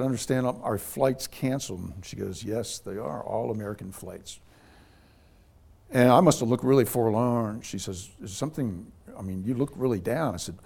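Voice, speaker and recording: A man's voice: mid-range voice, creaky, breathy edge. Middle-aged man telling a story. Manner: animated anecdote teller, voices quoted people. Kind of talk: casual storytelling.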